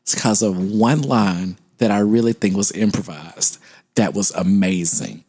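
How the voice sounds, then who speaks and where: A man's voice: lowish voice, a little slow, warm tone. A man, co-hosting a comedy podcast, telling stories playfully and laughing often. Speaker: podcast co-host. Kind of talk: casual comedic chat.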